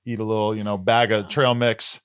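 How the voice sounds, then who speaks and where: Brief: relaxed male guest, easygoing rambling chat, close dry mic. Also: lowish voice, fairly quick, smooth, dry recording. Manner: laid-back, rambling. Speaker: podcast guest. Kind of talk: casual chat.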